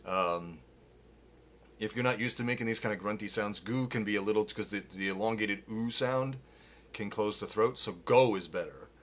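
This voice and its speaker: A man teaching singing live, explaining technique with restarts and breaking into loud sung demonstrations. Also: fairly low pitch, normal speed, slight background noise. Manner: demonstrates with loud sung grunts and vocal exercises. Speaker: vocal coach. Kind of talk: live-streamed singing lesson. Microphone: phone.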